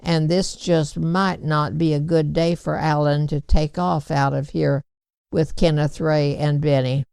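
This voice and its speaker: A woman reading a gentle worried mother. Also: sits low, flat delivery, a little slow, vocal fry, clean tone, no room sound. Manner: gentle, soothing.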